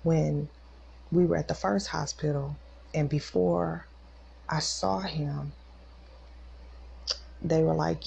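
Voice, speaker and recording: A woman's voice: low voice, steady tone, takes it slowly, vocal fry, pauses often, warm tone. A mother and podcast host telling a personal testimony with emotion, talking straight to her listeners. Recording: dull lo-fi recording with faint noise.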